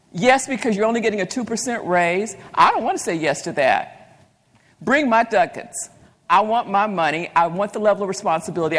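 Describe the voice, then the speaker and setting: A woman giving a motivational keynote talk, emphatic and repeating lines for effect. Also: on the low side. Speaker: keynote speaker. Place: large hall. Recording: hall reverb.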